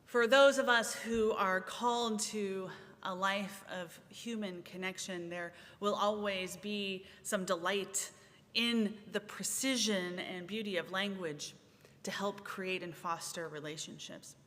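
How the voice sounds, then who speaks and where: Slow, measured woman minister in a sanctuary. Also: steady tone, a bit bright. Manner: slow, measured, meditative delivery with long pauses. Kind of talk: sermon and guided centering. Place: large church sanctuary. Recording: reverberant sanctuary, faint rumble.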